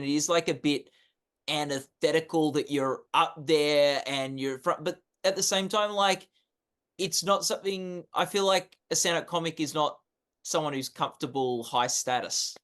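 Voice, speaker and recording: A man's voice: a little high, moderate pace, fairly bright tone. A man interviewing a comedian in a casual webchat, asking his questions conversationally with many filler words.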